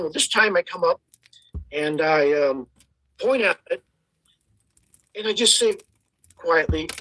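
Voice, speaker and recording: Husky calm storyteller. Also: medium pitch, poor audio. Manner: calm, step-by-step telling with quoted inner thoughts. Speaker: storyteller recounting an encounter. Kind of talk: first-person story told on a podcast.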